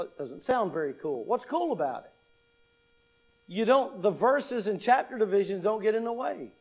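A man's voice: sits high, highs cut off. A man preaching a sermon, talking to the congregation in a conversational way with many rhetorical questions and reading scripture aloud. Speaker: pastor.

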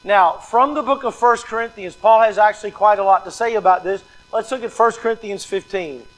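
A man's voice: sits high, brisk, rough recording. A man preaching a sermon as pastor, emphatic and repetitive, acting out the excuses people make. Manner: emphatic, repeats key lines, acts out quoted excuses.

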